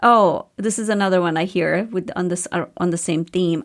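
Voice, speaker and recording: A woman's voice: on the low side, moderate pace. A woman in her thirties hosting a podcast, talking candidly and casually with a storyteller's chatty flow. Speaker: podcast host and coach.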